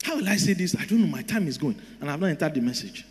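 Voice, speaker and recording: A male pastor preaching a sermon emphatically, jumping from shouted lines to low asides and laughing often. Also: animated, rapid-fire. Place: church hall. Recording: long church-hall reverb.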